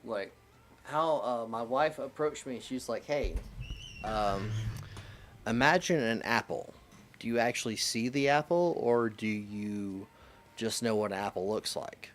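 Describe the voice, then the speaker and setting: A man's voice: mid-range voice, measured pace, slight background noise. A young adult man, a streamer chatting casually with friends and rambling through a story with lots of "like" fillers. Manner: rambling, heavy use of "like". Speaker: streamer host. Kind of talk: casual chat.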